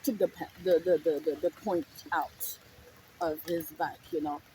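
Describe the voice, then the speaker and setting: A woman's voice: low voice, steady tone, unhurried, mellow, slight background noise, poor audio. A woman telling a personal story in a raw, emotional, profane way.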